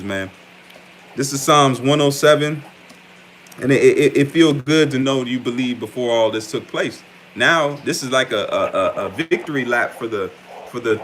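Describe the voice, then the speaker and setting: A man's voice: medium pitch, fairly bright tone, a little hiss or hum. Man preaching casually, stammering often. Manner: conversational, repeatedly says "man", frequent stammers and restarts. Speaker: preacher giving an online update. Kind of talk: informal preaching with scripture reading.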